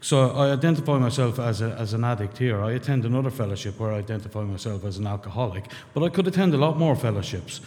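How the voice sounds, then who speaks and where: A man's voice: mid-range voice, expressive, fast, few pauses, dark tone. A middle-aged Irish man from rural Ireland, sharing his story at a recovery meeting in a blunt, candid way, with swearing and wry self-mocking humor. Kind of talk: personal testimony to a group. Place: meeting room. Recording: long hall reverb.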